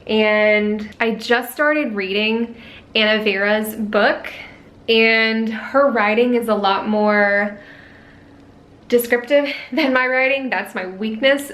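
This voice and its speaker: Chatty young woman with a bright, higher voice. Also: fairly even intonation, slow pace. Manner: chatty, rambling, with frequent laughs and self-corrections; coos in a high voice when talking to her dogs. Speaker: vlogger and author. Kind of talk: casual vlog talk. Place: at home.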